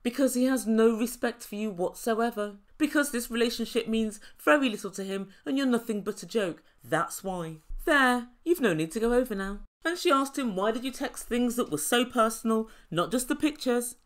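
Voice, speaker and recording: A woman's voice: a little high, expressive, normal speed, hardly any pauses. A woman giving a sarcastic, theatrical recap of a reality show, mocking the people in it and laughing at her own jokes. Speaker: reality TV commentator.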